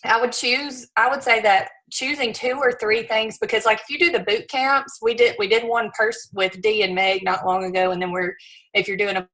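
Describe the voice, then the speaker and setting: A woman's voice: fairly high pitch, fairly even intonation, moderate pace, a bit bright, rough recording. A woman, a new regional director, talking earnestly and a little emotionally on a team call. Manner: emotional, earnest, chatty with restarts. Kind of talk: casual team call talk.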